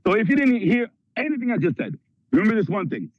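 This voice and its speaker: A man from Canada giving an energetic motivational talk at a sales training, acting out little skits in put-on voices. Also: high-pitched, fast talker, no echo, muffled recording.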